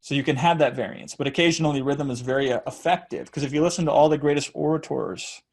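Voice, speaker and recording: Man, fairly high voice, lively speaking coach, chants examples to show rhythm. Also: quick pace. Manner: animated, demonstrates rhythms by chanting and sounding out beats. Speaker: public speaking teacher. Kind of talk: teaching talk on speech delivery.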